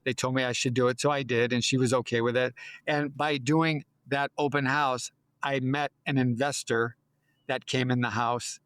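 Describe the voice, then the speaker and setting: Telling a story as an interview guest, the American realtor in his sixties stays lively, voicing the dialogue in a raised tone. His mid-range voice keeps a moderate pace, recorded dry.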